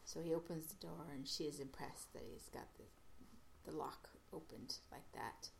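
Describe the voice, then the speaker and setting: A woman casually retelling an episode's plot as a podcast host, halting often with fillers and restarts. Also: deep voice, vocal fry, a little hiss or hum.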